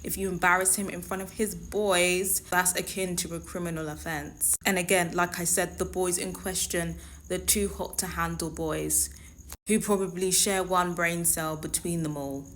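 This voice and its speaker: A woman's voice: lowish voice, steady tone, normal speed, fairly bright tone, slight background noise. Opinionated woman host. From London. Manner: opinionated, emphatic, conversational. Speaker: show host. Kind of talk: reality TV commentary.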